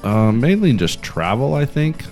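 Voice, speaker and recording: A man's voice: medium pitch, sing-song, unhurried, a little mellow, soft background music. A man improvising a middle-aged father asking for early retirement advice, hesitant and plain-spoken. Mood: earnest. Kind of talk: improvised comedy sketch.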